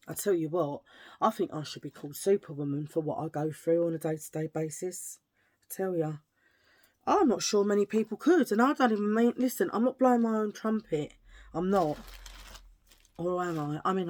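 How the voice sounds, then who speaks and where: A woman's voice: fairly low pitch, darkish tone. A British woman talking to her camera in a casual haul video, chatty and rambling, cracking self-mocking jokes as she goes. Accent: British English. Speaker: vlogger.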